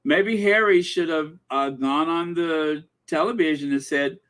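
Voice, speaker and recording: A man's voice: a little high, lively intonation, moderate pace, few pauses, a bit bright. A man hosting a gossip commentary video, talking in a sarcastic, indignant way. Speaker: commentary channel host.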